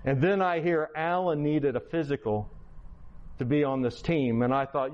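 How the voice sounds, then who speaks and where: A man gives a lively, conversational testimony, switching into voices for the people in his story. His voice sits fairly high and the recording sounds a little muffled. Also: brisk. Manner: animated, acts out quotes, conversational. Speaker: teacher and lay preacher.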